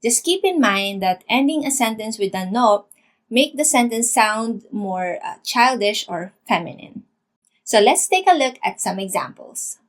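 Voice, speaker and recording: A woman's voice: fairly high pitch, animated, a little slow, no echo. Patient woman teaching grammar. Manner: clear, patient explanation, switching into example sentences. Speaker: language teacher. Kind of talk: explaining grammar with examples.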